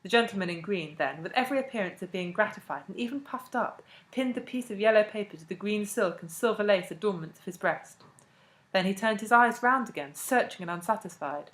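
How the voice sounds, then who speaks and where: A woman narrating a classic novel as an audiobook, in a measured and expressive way. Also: mid-range voice. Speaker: audiobook reader.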